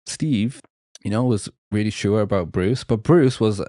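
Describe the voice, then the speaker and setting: A man's voice: lowish voice, moderate pace, dark tone, no room sound, clean studio sound. A man from Wales hosting a podcast, chatting casually and rambling with fillers. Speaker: podcast host.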